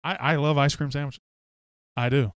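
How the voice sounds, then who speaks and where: A man's voice: medium pitch, steady tone, moderate pace, fairly bright tone, smooth, dry recording, studio quality. A man hosting a casual sports podcast, reading listener comments aloud with a joking, chatty manner. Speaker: podcast host.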